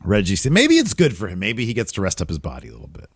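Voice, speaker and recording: A man's voice: lowish voice, wildly swooping pitch, fast talker, husky, no echo, clean studio sound. A man co-hosting a podcast, giving an opinionated casual recap of a wrestling show, often trailing off and restarting.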